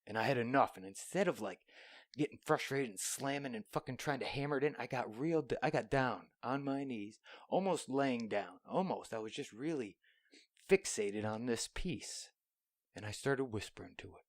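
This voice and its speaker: A man's voice: medium pitch, normal speed, dry recording. Young male podcast host, solo, profane storyteller who slips into whispers, dry small-room sound. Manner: profane, rambling, drops into whispers.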